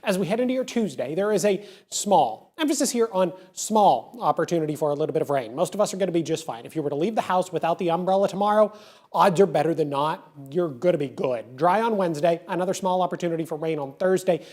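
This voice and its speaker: Quick chatty weather guy on local tv, upbeat forecast. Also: fairly high pitch, animated, darkish tone. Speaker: meteorologist.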